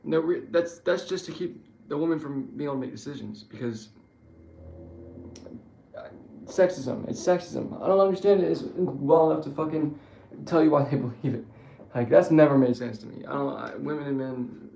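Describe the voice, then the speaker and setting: A man's voice: mid-range voice, creaky, mellow, reverberant, slight background noise. A young man in a casual, rambling rant, swearing often and restarting his sentences. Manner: profane, rambling, frequent restarts and fillers.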